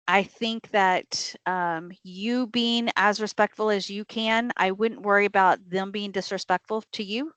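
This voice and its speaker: A woman's voice: mid-range voice, fairly even intonation, measured pace, hardly any pauses, a bit bright, smooth, no room sound. A middle-aged woman leading a teacher training session, talking conversationally, reading out audience questions and often checking in with "right?". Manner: reads audience questions aloud and answers them.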